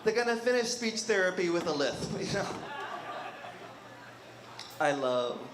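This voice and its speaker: A man with a fairly high voice delivers a self-deprecating stand-up set, tossing in "you know" between punchlines. He is on a stage in a roomy live space with a crowd audible around him. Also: sing-song, measured pace, noisy background. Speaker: stand-up comedian. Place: studio stage before a live audience.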